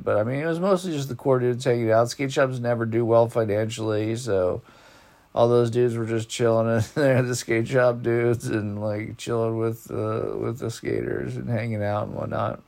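A man's voice: medium pitch, steady tone, normal speed, a little mellow. A man hosting a podcast in casual chat, rambling in laid-back slang and yawning as if sleepy. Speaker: podcast host.

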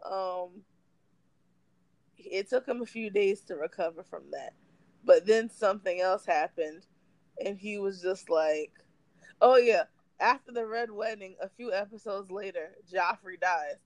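Animated young woman telling stories. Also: mid-range voice, unhurried, no echo, poor audio. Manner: candid, animated storytelling with acted-out quotes. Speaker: podcast co-host. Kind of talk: casual chat.

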